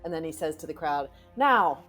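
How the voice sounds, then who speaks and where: A woman narrating her character's actions in a tabletop game, in an animated storytelling manner. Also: sits low, moderate pace, faint music behind. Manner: animated storytelling with acted quotes. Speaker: player.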